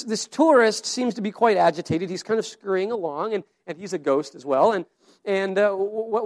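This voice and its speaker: A man preaching a sermon, earnest and story-driven, often repeating his words as he goes. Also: high-pitched. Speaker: pastor.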